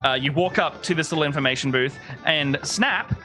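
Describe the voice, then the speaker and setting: A man's voice: a little high, brisk, bright, forceful tone, soft background music. A man narrating a tabletop game as game master, in a rambling way with many fillers.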